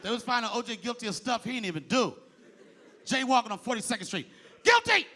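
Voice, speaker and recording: A man performing a stand-up comedy set on a club stage with a handheld mic, loud and animated. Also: very high-pitched, fast. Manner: animated, loud, jumps into impressions. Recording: live club with loud crowd laughter.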